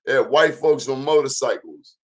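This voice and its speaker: A man hosts his own show and talks straight to the audience. His delivery is emphatic and preachy, full of folksy sayings. His voice sits at an ordinary, middle pitch for a man. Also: moderate pace. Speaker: show host. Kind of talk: talk show monologue.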